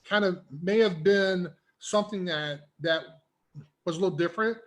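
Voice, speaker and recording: A man's voice: sits high, moderate pace. A man hosting a podcast interview, asking questions full of fillers and restarts. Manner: hesitant, filler-heavy questions. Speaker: podcast host.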